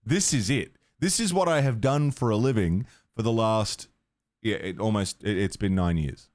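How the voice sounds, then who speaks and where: A man's voice: lowish voice, normal speed, darkish tone, no room sound, clean studio sound. An Australian man chatting casually on a game stream, swearing freely, laughing often and rambling with restarts. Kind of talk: casual stream chat while gaming.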